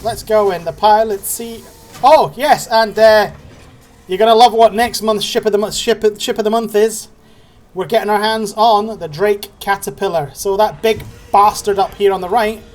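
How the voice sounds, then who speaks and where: A man's voice: sits high, fairly even intonation, moderate pace, soft background music. A British man giving chatty, cheeky live-stream commentary while playing a game, swearing casually. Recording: faint background noise.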